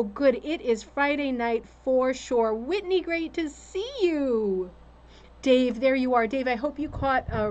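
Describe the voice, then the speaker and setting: A woman hosting a casual craft livestream from a room upstairs at home, chatting and greeting viewers by name. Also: medium pitch. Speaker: host of a rug hooking livestream. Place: room on a home's second floor with a fan. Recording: faint room noise, fan hum.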